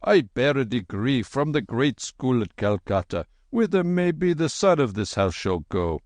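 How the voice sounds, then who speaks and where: A pompous quack doctor with a thick, heavy voice, boasting at length about his remedies, as a male narrator reads him. The pace is slow and the sound is dry and close. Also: mid-range voice, very animated, darkish tone, no echo, voice pushed up. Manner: pompous, long-winded. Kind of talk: audiobook character voice.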